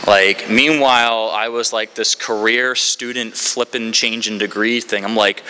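A man's voice: lowish voice, fairly even intonation, measured pace, hardly any pauses, pushed and bright, a little hiss or hum. A man speaking at a recovery meeting, sharing his story in a candid, rambling way with many fillers. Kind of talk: candid personal share.

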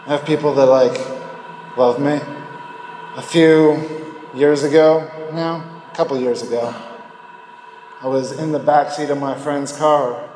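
A man's voice: mid-range voice, fairly even intonation, a little slow, pauses often, a little mellow, echoey room, long reverb tail, a little hiss or hum, low-quality recording. A man speaking at a recovery meeting, giving a candid personal testimony and rambling between thoughts. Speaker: recovering alcoholic sharing at a meeting.

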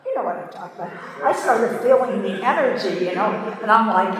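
A woman's voice: mid-range voice, expressive, a little fast, a crowd in the background. A woman in her eighties from Pittsburgh, telling a story casually with lots of fillers and laughter. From Pittsburgh, Pennsylvania. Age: 80s. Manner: chatty, laughing often, many fillers and "you know". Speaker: speaker sharing her recovery story. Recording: echoey hall, mic at a distance.

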